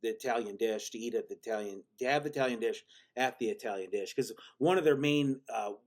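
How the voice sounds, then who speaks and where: A man hosting a vlog, telling a rambling story with many restarts and deadpan self-mocking humor. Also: medium pitch, fast talker. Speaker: channel host.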